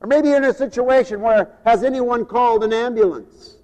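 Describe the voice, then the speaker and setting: Speaking briskly, a fairly high-voiced preacher addresses his congregation, his pitch climbing on key phrases before he drops into quiet, personal stories. The hall gives a long reverb on a dull, lo-fi tape recording.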